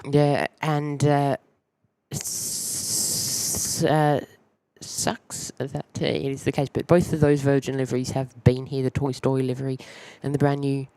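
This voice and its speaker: A man's voice: medium pitch, level tone, a little slow, a little mellow, clean tone, no room sound. A man with an Australian accent hosting a live plane-spotting stream, rambling loosely and greeting viewers by name.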